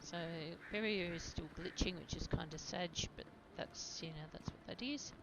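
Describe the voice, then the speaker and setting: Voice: mid-range voice, moderate pace, gravelly, background noise. A gamer chatting casually and self-deprecatingly while playing a video game. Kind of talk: casual let's-play commentary.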